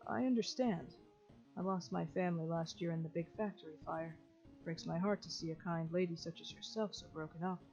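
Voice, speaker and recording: A gentle, humble farmer man with courteous, old-fashioned manners, as a woman reads him aloud. The voice sits fairly low. The sound is dull and lo-fi, with faint music underneath. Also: brisk, natural voice. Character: kind, humble male farmer, gentle and polite.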